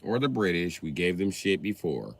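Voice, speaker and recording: A man's voice: very animated, normal speed, creaky, husky. A man doing a profane, mocking stand-up rant on a live stream. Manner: profane, mocking, jumps in pitch. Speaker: comedian streamer.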